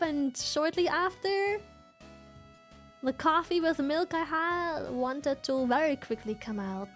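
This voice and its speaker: A woman streamer chatting casually, telling a story in an animated, profane way and laughing often. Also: sits high. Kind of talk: casual livestream chat.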